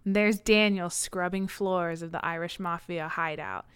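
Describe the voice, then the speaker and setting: A woman's voice: lowish voice, clean tone. Chatty woman recapping a book. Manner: animated retelling with quick quoted voices and frequent laughs. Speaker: podcast co-host. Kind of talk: casual book-club chat.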